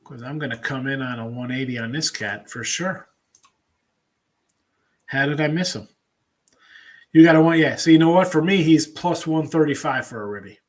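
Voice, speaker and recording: Man, middle-aged, fairly high voice, rambling casual betting-stream host, chats with viewers. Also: moderate pace, pauses often. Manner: rambling, chatty, talks to viewers. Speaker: sports betting show host. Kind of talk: casual live-stream chat.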